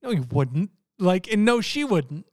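A man's voice: high-pitched, big pitch swings, a little slow, no room sound, clean studio sound. A man co-hosting a casual podcast about a TV show, thinking aloud with lots of fillers and restarts. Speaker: podcast co-host. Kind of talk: casual TV discussion.

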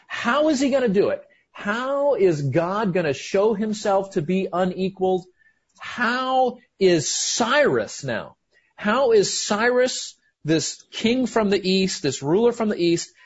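Male preacher, high husky voice, fired-up and emphatic delivery, muffled lo-fi sound. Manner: excited, emphatic, with frequent restarts. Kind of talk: sermon.

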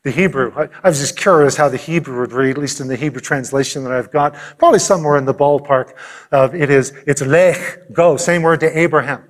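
A man preaching a sermon with a slightly high voice. He tells the story with animation and slips into the voices of the people in it, swinging between loud calls and soft asides. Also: brisk. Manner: animated storytelling, acting out quotes. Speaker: pastor.

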